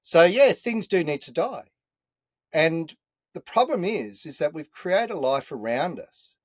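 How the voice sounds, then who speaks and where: Earthy, animated Australian man. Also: fairly high pitch, unhurried, dry recording. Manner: animated, earthy, sprinkles in mild swearing. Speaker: podcast guest. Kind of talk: casual storytelling chat. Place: inside a caravan.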